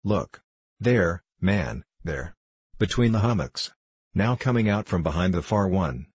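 A man reading the part of an overwrought, haunted ship captain in a storybook, with a husky voice. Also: low voice, expressive, unhurried, a little mellow, dry recording, heavily acted. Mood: frantic.

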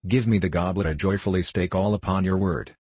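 A man reading a calm, firm devoted wife. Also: sits low, fairly quick, slightly rough, dry recording. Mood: resolute. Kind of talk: audiobook reading.

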